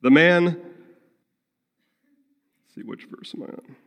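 A man's voice: on the high side, takes it slowly, creaky. A man preaching as pastor in an earnest sermon, acting out prayers and quotes in his own voice. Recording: long reverb of a large hall.

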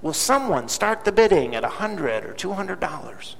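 Pastor doing a dogged auctioneer, raised-pitch and animated, reverb-heavy hall sound. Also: male voice, normal speed, vocal fry, heavily acted. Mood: announcing. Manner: persistent, announcing. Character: male auctioneer running a sale.

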